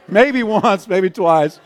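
High-pitched guy preaching, chuckles a lot, asks the crowd amen. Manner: chuckling, call-and-response. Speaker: pastor. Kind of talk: sermon.

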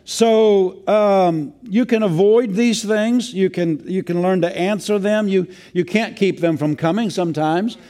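A man's voice: high-pitched, a little slow, hardly any pauses, warm tone. A male pastor preaching a sermon in a folksy way, with many fillers and restarts.

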